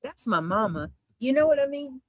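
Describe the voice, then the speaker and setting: A woman's voice: high voice, very animated, normal speed, no room sound. Emotional woman streamer. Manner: emotional, dramatic, pleading. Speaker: livestreamer in a played clip.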